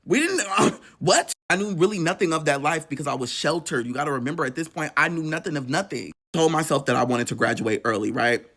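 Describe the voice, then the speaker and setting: A man telling a painful personal story in an emotional, profane, animated way. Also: a little high, fast, hardly any pauses. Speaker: storytelling vlogger.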